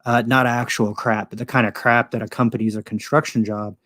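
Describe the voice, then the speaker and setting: A man's voice: medium pitch, little pitch movement, fairly quick, a bit bright, no room sound, studio quality. A man in casual chat, rambling, profane and self-deprecating as he tells stories. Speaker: vlogger.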